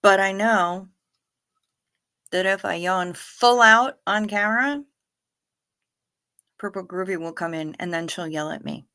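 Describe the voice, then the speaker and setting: A woman's voice: mid-range voice, unhurried, pauses often, sharp tone, clear, resonant tone. A middle-aged woman, hosting a late-night livestream, tired and yawning as she chats casually with viewers and reads their comments. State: sleepy. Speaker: livestream host.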